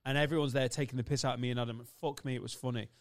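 A man's voice: medium pitch, rapid-fire. A man hosting a podcast, telling stories in a casual, sweary chat. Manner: animated, sweary storytelling. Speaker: podcast host.

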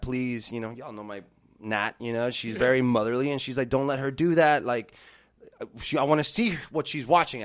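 A man in his thirties telling a story in casual podcast chat, animated and full of swearing. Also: mid-range voice. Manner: animated, profane, acts out quotes.

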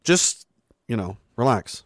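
A man's voice: medium pitch, big pitch swings, takes it slowly, no echo. A young man, hosting a casual livestream, reading chat messages aloud and talking in a rambling, profane way.

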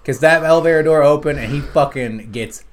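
Guy on a comedy podcast going off about movies, swears a lot, gets loud and animated. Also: a little high, a little fast. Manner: animated, profane, ranting with loud acted outbursts. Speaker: podcast guest. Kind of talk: casual comedy podcast chat.

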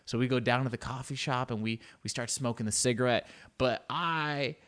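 A man's voice: mid-range voice, normal speed, fairly bright tone. A man telling a loose, rambling comic story with many fillers and playful asides. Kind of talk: storytelling comedy monologue.

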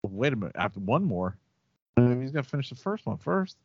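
A man hosting a podcast, casually reading out listener comments in a relaxed, chatty way with hesitant fillers. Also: medium pitch, a little fast, husky, no room sound. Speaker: podcast host. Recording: dull lo-fi dry sound.

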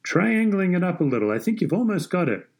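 A man's voice: high voice, sing-song, unhurried, a little mellow, husky, pitched above the performer's own voice, heavily acted. A man voicing an earnest husband coaching his wife at tennis, with upbeat, encouraging calls.

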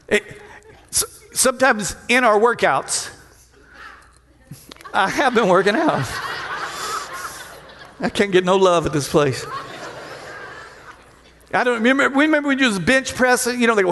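High-voiced preacher man in a reverberant hall. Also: lively intonation, unhurried, pauses often, slight background noise. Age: middle-aged. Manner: preaching with call-and-response to the congregation; acts out quoted voices with big pitch jumps and shouts. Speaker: pastor. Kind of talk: sermon.

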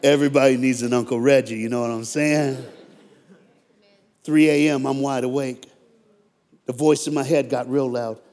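A man's voice: medium pitch, fairly even intonation, moderate pace, long pauses. American man preaching in an echoey hall. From United States. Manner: storytelling, swings from hushed to loud and fired-up, jokes with the crowd. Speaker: motivational speaker. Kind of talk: live motivational sermon to a crowd. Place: large hall with a live audience. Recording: echoey hall with long reverb.

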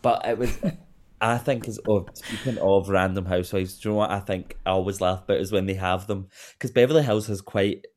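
A young man with a deep, low-pitched voice chats casually as a guest. He rambles and gushes, and he breaks off mid-thought with quick asides. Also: fairly even intonation, a little mellow. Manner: rambling, gushing, quick asides and self-interruptions. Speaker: podcast guest, comedian. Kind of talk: casual chat.

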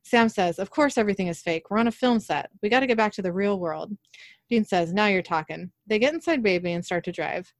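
In a clean, studio-quality recording with no room sound, a woman speaks briskly at medium pitch. As a podcast host she gives a casual, animated recap of a TV episode, quoting the characters herself.

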